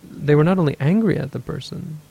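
A man's voice: a little high, fairly quick, creaky, warm tone, husky. A man giving a meditation talk, thinking aloud, correcting himself and acting out people's inner voices. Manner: thoughtful, self-correcting, acts out inner voices. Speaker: meditation teacher. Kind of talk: dharma talk answering questions.

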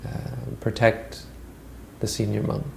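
A man's voice: fairly low pitch, monotone, slow pace, vocal fry, a little mellow, slight background noise, heavily acted. A man voicing a loyal, protective senior monk who speaks earnestly and respectfully.

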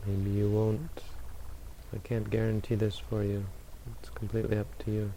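A man who is a Buddhist meditation teacher, answering audience questions in a calm, unhurried, gently advising way. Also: lowish voice, slight background noise, rough recording.

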